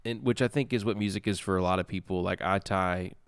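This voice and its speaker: Deep gravelly man, casual banter. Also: fast talker, no room sound, studio quality. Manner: playful banter. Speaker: podcast co-host. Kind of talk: casual chat.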